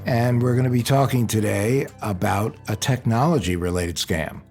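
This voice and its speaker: A man co-hosting a podcast about scams, talking in a lively, jokey way. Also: lowish voice, moderate pace, soft background music. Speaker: podcast co-host. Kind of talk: casual podcast chat.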